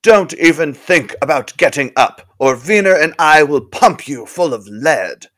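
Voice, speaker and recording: A man's voice: a little high, lively intonation, unhurried, fairly bright tone. Man doing a tough gun-toting tenant. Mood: threatening. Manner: threatening, tough.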